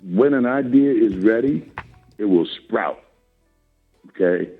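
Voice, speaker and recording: An older man on a phone call as a talk guest, talking in a lively, preacherly way and laughing often. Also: fairly low pitch, takes it slowly, slightly rough, faint music behind. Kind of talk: casual chat. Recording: tinny phone line.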